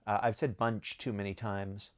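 A man's voice: lowish voice, little pitch movement, normal speed. Rambling man chatting about his stories. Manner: rambling, self-correcting, laughs at own stories. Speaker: author answering reader questions. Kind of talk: casual chat.

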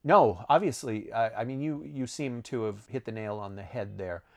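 A man chatting about his own writing in an easygoing, rambling way. He corrects himself mid-sentence and laughs at his own stories. His voice sits at an ordinary middle pitch. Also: normal speed, creaky, a little mellow. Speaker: author answering reader questions. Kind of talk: casual chat.

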